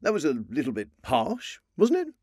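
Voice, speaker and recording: A man's voice: on the high side, huge pitch swings, normal speed, a little mellow, breathy edge, no echo, studio quality, voice pushed up, full character voice. A man voicing a chatty, proud middle-aged father of three in a comic improvised chat, genial and a little pompous. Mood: cheerful.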